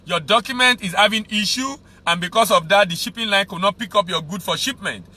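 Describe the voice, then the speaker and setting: A man's voice: high voice, fairly quick, pushed and bright. A man with a Nigerian English accent, teaching export business in an emphatic way, repeating key phrases for stress. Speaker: export trade instructor.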